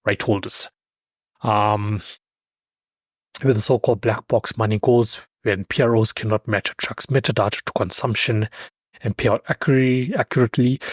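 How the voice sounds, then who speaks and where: A man's voice: fairly low pitch, slightly rough, dry recording. A man hosting his own podcast, talking loosely and emphatically with fillers and restarts. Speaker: podcast host. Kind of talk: solo podcast commentary.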